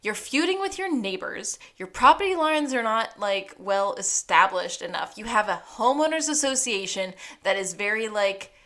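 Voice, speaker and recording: Sharp-toned and sing-song, this woman's medium-pitched voice moves at normal speed with few pauses. She's a podcast co-host casually recapping a TV episode, chatty and laughing often while acting out what the characters said.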